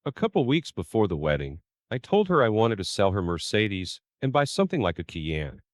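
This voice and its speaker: A man's voice: on the low side, big pitch swings, normal speed, no room sound, clean studio sound. A man narrating a first-person story in a plain storytelling voice, reading the quoted lines of others without acting them out.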